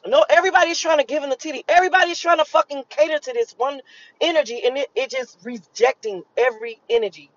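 Fast and high-pitched, a woman explains a spiritual channeling reading to camera, the highs of the recording cut off. The vlogger's casual monologue rambles and repeats, full of emphasis and free swearing.

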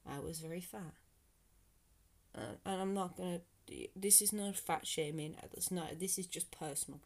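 Earnest British woman, lower voice. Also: normal speed, a little mellow. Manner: earnest, rambling, motivational, sometimes drops to a whisper. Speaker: podcast host. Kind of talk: reflective solo podcast monologue.

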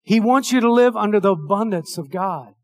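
Fervent high-voiced preacher. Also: male voice, brisk. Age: older. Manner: fervent preacher, swings from hushed to shouted. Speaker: pastor. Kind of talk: sermon.

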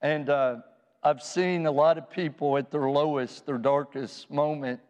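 A man's voice: on the high side, fairly even intonation, unhurried, a little mellow. A middle-aged man preaching a sermon as pastor, earnest and pastoral, at times rising to fervent emphasis. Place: church sanctuary. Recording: long reverb in a church hall.

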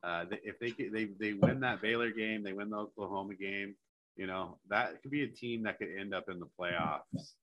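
A man's voice: fairly low pitch, moderate pace, fairly bright tone. A man co-hosting a podcast, chatting casually about football, rambling and laughing between points. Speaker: podcast co-host. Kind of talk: casual sports chat.

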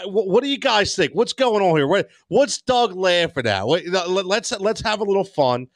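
Stammering sports podcast host, dry sound. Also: male voice, sits high, a bit bright, no room sound. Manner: loose, stammering, joking. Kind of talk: casual sports chat.

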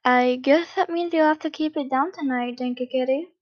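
A woman's voice: high voice, normal speed, lightly acted. A woman reading a story, voicing a blunt, sarcastic young male vampire. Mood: dry. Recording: dull lo-fi recording.

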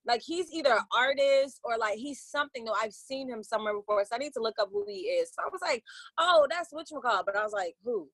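A young woman co-hosting a podcast in casual chat, animated and slangy, often acting out quotes. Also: high-pitched, fast, vocal fry, hardly any pauses, no room sound, low-quality recording. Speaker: podcast co-host.

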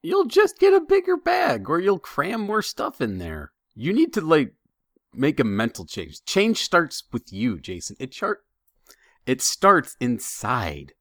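A man in casual chat, teasing his co-host with quick jokes. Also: on the high side, wildly swooping pitch, fairly bright tone, no echo, studio quality.

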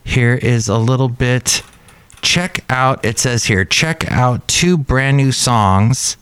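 A man hosting a casual solo podcast, rambling and chatty with excitable jumps in his voice. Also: mid-range voice, slow, clean tone, no room sound. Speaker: podcast host. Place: cafe.

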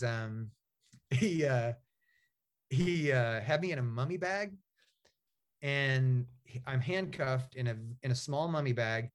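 A man, an author and guest in a casual interview, talks in a rambling, storytelling way with many fillers and restarts. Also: mid-range voice.

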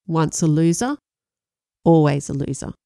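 A sneering, menacing teenage bully, as a woman reading an audiobook puts him on. He threatens in a somewhat low voice, and the recording is dry and close with no room echo. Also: animated, a little slow, creaky, warm tone, full character voice. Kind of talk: audiobook narration.

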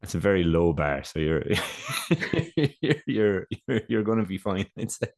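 A man's voice: low-pitched, very animated, a little slow, darkish tone. A young man co-hosting a podcast in casual chat, sounding stuffed up, telling stories and laughing often. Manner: chatty storyteller, laughs often. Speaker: podcast co-host.

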